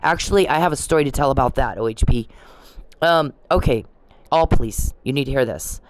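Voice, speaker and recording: A woman's voice: extremely low pitch, fairly quick, dry recording. A woman vlogging in a rambling, indignant to-camera rant, swearing freely.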